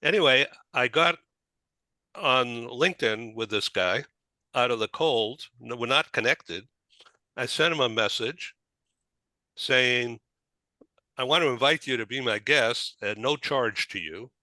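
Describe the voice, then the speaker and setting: A man's voice: mid-range voice, measured pace, pauses often, bright, forceful tone, dry recording. A man from the Boston area with a Boston accent, hosting a talk show in casual, rambling chat. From Boston area, USA. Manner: rambling, chatty, many restarts.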